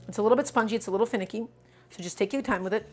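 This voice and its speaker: A woman's voice: medium pitch, rapid-fire, darkish tone, faint music behind. A woman hosting a casual cooking livestream, chatty and reassuring as she works and answers chat. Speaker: cooking show host.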